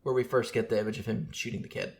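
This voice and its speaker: A man's voice: lowish voice, steady tone, racing, vocal fry, a little hiss or hum. A man co-hosting a podcast in casual chat, enthusiastic and rambling, often restarting his sentences. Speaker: podcast co-host.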